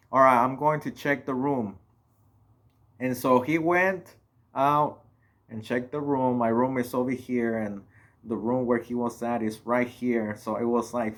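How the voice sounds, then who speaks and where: Rambling young man telling a story. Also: mid-range voice. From Mexico. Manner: rambling, heavy on "you know" and "like" fillers. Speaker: vlogger. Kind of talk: casual storytelling.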